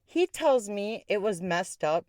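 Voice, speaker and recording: A woman hosting a podcast, telling a personal story in a candid way, swearing freely and jumping up in pitch for emphasis. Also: sing-song, measured pace, a little mellow, no echo, clean studio sound. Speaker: podcast host. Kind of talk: casual storytelling.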